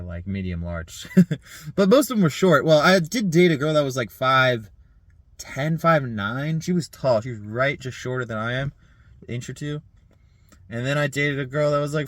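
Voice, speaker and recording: A man's voice: mid-range voice, a bit bright. A man in his thirties talks loosely to the camera, wandering off track, chuckling at his own ideas and peppering every thought with filler words and curses. His voice sits in an ordinary middle register, and the sound is close and dry with no room echo. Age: 30s. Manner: rambling, laughing, swearing, frequent fillers. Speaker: vlogger. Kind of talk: casual vlog monologue.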